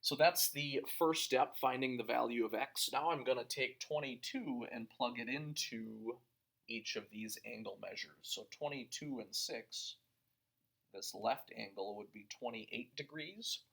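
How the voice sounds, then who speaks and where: A man with a gravelly edge to his mid-range voice walks through a math lesson. He talks through each step out loud and works the sums as he goes. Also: mid-range voice, unhurried. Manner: talks through steps aloud, thinking as he goes. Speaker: math teacher.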